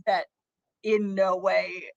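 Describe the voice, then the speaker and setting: A woman's voice: medium pitch, little pitch movement, slow, gravelly, no echo, dull audio. A woman co-hosting a library livestream, chatting in a playful, self-deprecating way with frequent laughter. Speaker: co-host, teen librarian. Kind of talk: casual livestream chat.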